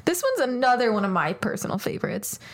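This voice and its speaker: A woman's voice: fairly high pitch, fast. A woman co-hosting a podcast in casual chat, telling stories and laughing often. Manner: laughs often, animated storytelling. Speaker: podcast co-host.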